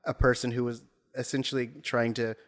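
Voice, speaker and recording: A man's voice: mid-range voice, level tone, brisk, a bit bright. A man from the United States co-hosting a casual podcast chat, rambling and joking, often slipping into silly voices. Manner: jokey, rambling, drops into silly put-on voices. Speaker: podcast co-host.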